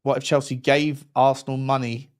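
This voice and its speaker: A man co-hosting a football talk livestream, chatty and upbeat, with blunt opinions and quick shout-outs to viewers. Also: medium pitch, flat delivery. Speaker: co-host.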